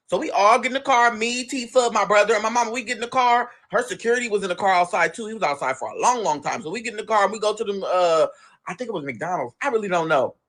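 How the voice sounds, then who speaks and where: A young man casually telling a long family story, animated and quick to act out what each relative said. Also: sits high. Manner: animated, acts out family members' lines in his own voice. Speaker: guest telling his story.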